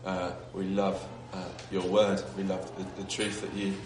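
Man, group leader, casual and halting, prayer, distant from mic, roomy echo. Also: deep voice, monotone. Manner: casual, hesitant with fillers. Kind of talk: opening a morning session and leading prayer. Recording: echoey room, speaking away from mic, with noise.

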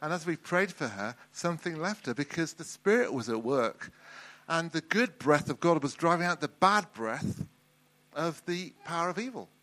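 A middle-aged man preaching a sermon in a relaxed, conversational way, often restarting and repeating words. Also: on the high side.

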